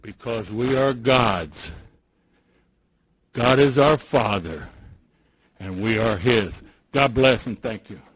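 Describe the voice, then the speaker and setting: A man giving a personal storytelling speech at a recovery meeting, dropping to near-whispers and then building loud. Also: fairly low pitch, slow, long pauses, husky, rough recording. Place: meeting room with audience.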